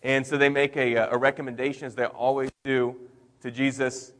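A middle-aged man preaching a sermon in a conversational way, with emphatic swings in loudness. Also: mid-range voice, flat delivery, normal speed, big-room sound. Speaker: pastor.

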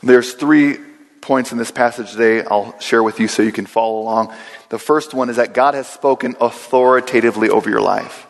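A male pastor delivers a sermon in a church sanctuary, his voice carrying a long reverb through the hall. He speaks earnestly at a middle pitch and slows down to repeat his key lines. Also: steady tone.

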